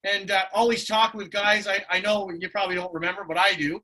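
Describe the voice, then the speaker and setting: A man's voice: high-pitched, little pitch movement, brisk, sharp tone, low-quality recording. A middle-aged man from Canada co-hosting a podcast, chatty and effusive, with lots of "you know" fillers. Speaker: podcast co-host. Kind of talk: casual chat.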